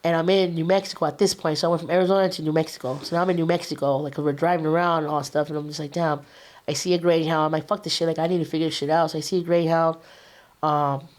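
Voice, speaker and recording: A woman tells her story in a low, relaxed voice. She talks casually and streetwise, swearing freely as she goes. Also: fast talker. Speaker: guest. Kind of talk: telling a personal story in an interview.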